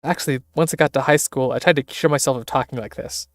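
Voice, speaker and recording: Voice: medium pitch, fast, no echo, clean studio sound, lightly acted. Streamer doing brusque Scottish girl Sarah. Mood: wry. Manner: blunt, deadpan. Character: brusque cool-sounding teen girl.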